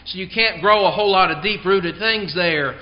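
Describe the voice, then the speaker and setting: A man's voice: high-pitched, moderate pace, lo-fi sound. A man preaching a Sunday sermon, hammering home key words with strong emphasis. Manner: tells a joke before the lesson.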